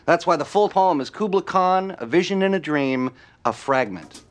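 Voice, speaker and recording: An actor playing a wry, exasperated head writer of a sketch show. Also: male voice, on the high side, lively intonation, moderate pace, lightly acted. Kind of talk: TV drama dialogue.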